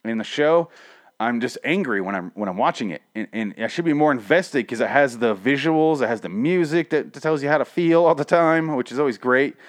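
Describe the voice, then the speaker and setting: A comic and TV reviewer talks solo in a casual, rambling, profane review, restarting often. His mid-range voice moves with lively intonation at a fairly quick pace, swinging between ranting and mumbled self-deprecation.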